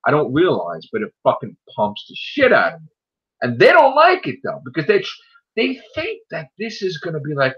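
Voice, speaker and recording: Animated high-voiced man ranting profanely. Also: normal speed. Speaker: host of an online show. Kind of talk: casual ranting chat. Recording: dull lo-fi sound.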